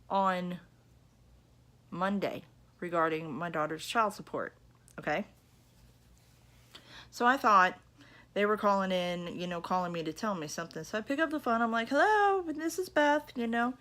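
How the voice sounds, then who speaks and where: A woman's voice: fairly low pitch, expressive, normal speed, long pauses, pushed and bright. Chatty woman telling an indignant story. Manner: chatty, checks in with listeners by repeating "okay?" and "you know"; indignant, emphatic retelling. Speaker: vlogger. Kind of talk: casual storytelling to camera. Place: at home in her apartment.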